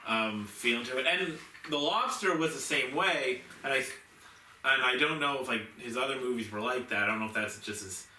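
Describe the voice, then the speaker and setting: A man's voice: mid-range voice, moderate pace, sharp tone, distant mic. A man co-hosting a movie review show, chatting casually about films with lots of fillers and hesitations. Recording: echoey room, voice off-mic, faint noise.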